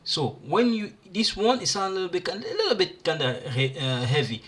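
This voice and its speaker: A man teaching pronunciation, repeating syllables and words slowly for learners. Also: high-pitched, expressive, bright, forceful tone. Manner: slow, repeats sounds and words aloud for learners. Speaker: language teacher. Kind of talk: pronunciation lesson.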